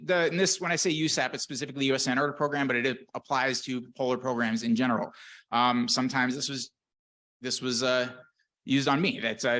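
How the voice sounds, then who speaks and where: A man's voice: medium pitch, pushed and bright. A man, a research scientist, giving a conference presentation in an earnest, candid way, with fillers, restarts and wry humor. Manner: wry self-deprecating humor.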